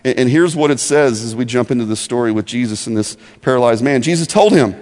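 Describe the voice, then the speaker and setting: A man teaching a Bible lesson as a story, animated and often repeating words as he starts. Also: medium pitch, quick pace, hardly any pauses. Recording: long echoey hall reverb.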